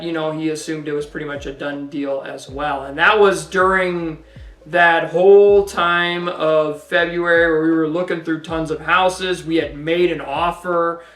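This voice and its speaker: A man and husband sharing a casual podcast-style testimony at home, telling the story in a relaxed way with many fillers. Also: fairly high pitch, reverberant, far from the mic. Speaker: co-host, husband.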